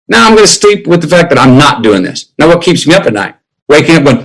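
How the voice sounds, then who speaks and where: Husky, drawling middle-aged man. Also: on the high side, animated, a bit bright, poor audio. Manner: drawling, unhurried, acts out remembered dialogue. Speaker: guest. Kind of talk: reflective storytelling.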